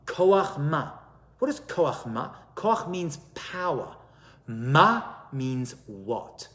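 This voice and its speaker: A man, a rabbi, giving a storytelling sermon in an animated way, swinging between loud and hushed delivery. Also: medium pitch, extremely slow.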